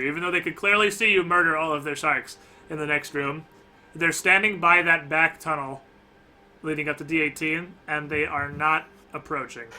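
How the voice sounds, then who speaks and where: Bright-toned male game master. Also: on the high side. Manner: descriptive, loose narration with many fillers. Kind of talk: narrating a tabletop game.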